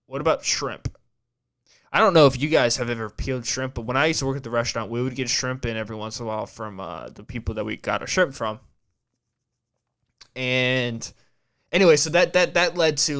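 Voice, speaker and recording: A man's voice: medium pitch, a bit bright, smooth. A man hosting a podcast, talking in a casual, rambling way with a heavy stutter and frequent restarts. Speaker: podcast host.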